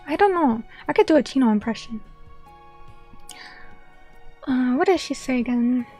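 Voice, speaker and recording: A woman's voice: high voice, lively intonation, moderate pace, warm tone, faint music behind. A young woman chatting casually on a stream, reading viewer comments and rambling with lots of filler words and restarts.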